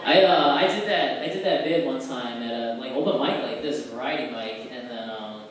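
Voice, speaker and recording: A young man doing stand-up at an open mic in a bar, rambling loosely with lots of fillers and now and then jumping into loud put-on voices. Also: medium pitch, normal speed. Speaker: stand-up comic. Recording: echoey bar room, far from the mic, noisy.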